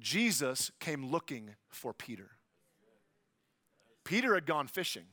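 A man preaching a sermon, telling the story with animated, jokey asides that swing from quiet to loud. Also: fairly high pitch, slow, no room sound. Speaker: pastor.

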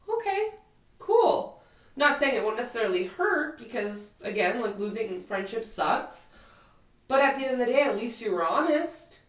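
A woman's voice: mid-range voice, recorded from a distance. Blunt woman in her twenties, co-host, swears freely, a bit off-mic in an echoey room. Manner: blunt, profane and emphatic. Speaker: podcast co-host. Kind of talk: casual chat. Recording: roomy sound, a bit off-mic.

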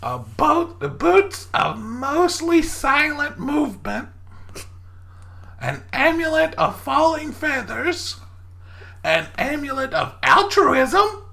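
A woman's voice: high-pitched, big pitch swings, takes it slowly, creaky, bright, forceful tone, exaggerated voice. A woman voicing a cheerful, pushy female shopkeeper with a playful, salesy manner in a tabletop game. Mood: sly, salesy. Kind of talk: tabletop role-play voicing.

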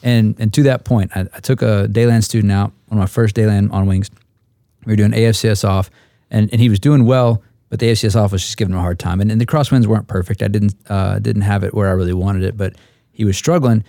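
A man who is an instructor pilot, telling a story at a roundtable in a halting way with many repeated words. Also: fairly low pitch, steady tone, warm tone, no echo, studio quality.

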